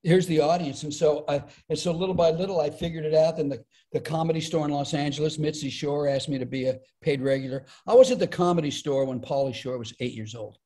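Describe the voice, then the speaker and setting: Middle-aged comedian, animated storyteller, slightly high, mellow tone. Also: male voice, fast, hardly any pauses. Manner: animated, acts out quoted voices. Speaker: comedian and speaker, podcast guest. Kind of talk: storytelling in conversation.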